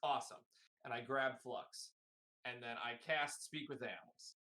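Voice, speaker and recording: A man's voice: mid-range voice, steady tone, normal speed, pushed and bright. A man playing a tabletop game, eager and joking. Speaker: player. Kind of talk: casual tabletop play.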